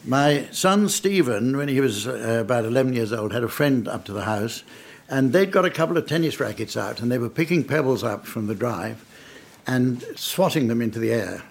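A man's voice: medium pitch, lively intonation, normal speed, vocal fry, breathy edge. Older man telling dry, wry anecdotes. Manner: dry, wry, understated delivery with audience laughter. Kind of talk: anecdotal storytelling talk.

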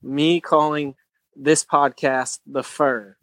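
A man's voice: on the high side, little pitch movement, takes it slowly, a bit bright, dry recording. A man co-hosting a podcast, building a contemptuous complaint in casual chat.

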